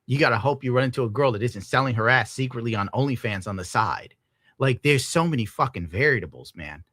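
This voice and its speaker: A man's voice: medium pitch, animated, a little fast, a bit bright, no echo, studio quality. A young man ranting bitterly and profanely as he reacts to a clip on his live stream.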